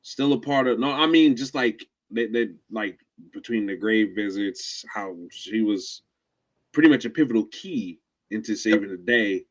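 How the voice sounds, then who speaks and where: Excitable man on a dull recording. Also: lowish voice, normal speed. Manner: excitable, jumps in with opinions and laughs. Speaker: podcast guest. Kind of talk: casual movie review chat.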